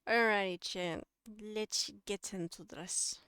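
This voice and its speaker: A woman's voice: medium pitch, steady tone, slow, sharp tone, clean tone, no room sound, studio quality. Chatty Australian woman giving a stream lecture. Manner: chatty, laughs at herself and corrects slips. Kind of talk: casual livestream lecture.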